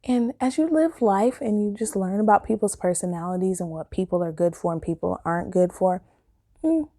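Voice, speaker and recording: A woman telling a personal story in a casual vlog, acting out what people said with big jumps in her voice and frequent laughter. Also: a little fast. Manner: animated, acts out quotes with big pitch jumps, laughs often.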